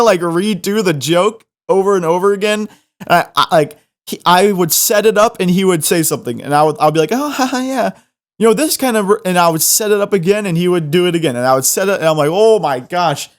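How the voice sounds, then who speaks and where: A young man hosting a podcast, telling a funny story in an animated, self-mocking way. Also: sits high, fairly quick. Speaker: podcast host. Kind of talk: comedic storytelling.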